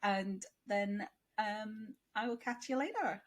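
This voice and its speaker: A woman's voice: medium pitch, slow pace. A woman co-hosting a podcast, chatting casually and rambling with a lingering cough. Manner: chatty, rambling, asks questions aloud. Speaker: podcast co-host. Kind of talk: casual chat.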